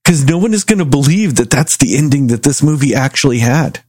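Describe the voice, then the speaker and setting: A man casually reviewing a movie, rambling and animated as he retells scenes. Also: medium pitch, a little fast, breathy edge, dry recording. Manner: rambling, animated storytelling with acted quotes. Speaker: movie review podcast host.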